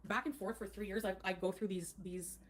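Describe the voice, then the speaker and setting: A woman's voice: medium pitch, steady tone, a little fast, slight background noise. A woman from Canada telling a personal story on a livestream, rambling and emotional, full of "like".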